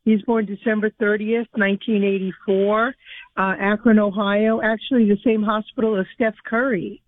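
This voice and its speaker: A woman's voice: medium pitch, level tone, moderate pace, dry recording. Female radio caller on the phone, earnest, wordy, tinny line. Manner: earnest, detailed, with fillers. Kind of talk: phone-in call. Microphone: telephone.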